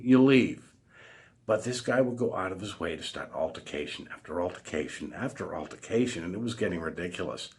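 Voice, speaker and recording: A man telling a story in a casual monologue, blunt and exasperated, with salty language. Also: lowish voice. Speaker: vlogger.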